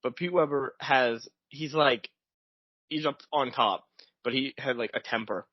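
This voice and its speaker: A man's voice: medium pitch, unhurried, no echo. Rambling young man on a podcast. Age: young adult. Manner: rambling, tangent-prone, many fillers. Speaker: podcast co-host. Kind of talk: casual chat. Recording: dull dry lo-fi audio.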